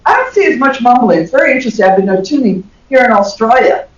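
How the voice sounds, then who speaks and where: An older woman from the American South with a Southern accent, giving an animated lecture to health workers and laughing often. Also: a little high, fast. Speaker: communication professor giving a lecture. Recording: echoey dull recording from far off.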